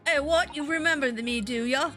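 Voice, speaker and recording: A woman's voice: high-pitched, moderate pace, fairly bright tone, soft background music. A woman voicing a scrappy young female pickpocket in an attempted Cockney accent, brash and defiant. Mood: scornful.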